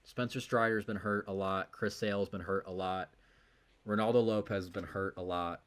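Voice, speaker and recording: A man's voice: fairly low pitch, steady tone, normal speed, clear, resonant tone. A man co-hosting a sports podcast, chatting casually with a dry, wry humor and loose, rambling phrasing. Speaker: podcast co-host.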